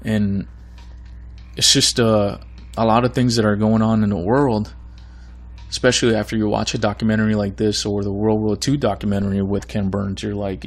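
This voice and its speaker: A man hosting his own podcast in a casual monologue, earnest and rambling, with a voice going hoarse. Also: on the low side, steady tone, moderate pace. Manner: rambling, earnest, many fillers and restarts. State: losing his voice. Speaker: podcast host.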